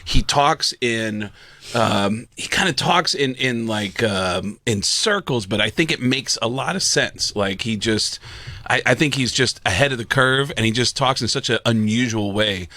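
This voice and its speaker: Bright-toned man telling rambling anecdotes. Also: mid-range voice, measured pace. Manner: rambling anecdotes with swearing and laughter. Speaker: podcast co-host. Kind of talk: casual comedy chat.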